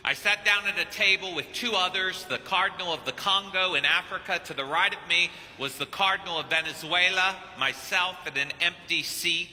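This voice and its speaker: Bright, high-voiced preacher man from Kentucky. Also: long reverb tail. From Kentucky, United States. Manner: animated storyteller who acts out dialogue. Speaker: priest and missionary preacher. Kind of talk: anecdotal sermon.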